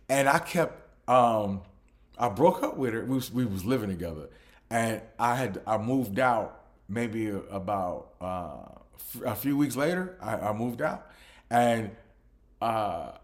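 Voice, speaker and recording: A man with a lowish voice, talking at normal speed, hosts a podcast and tells a personal story in a casual way. His retelling is animated, and he frequently starts over.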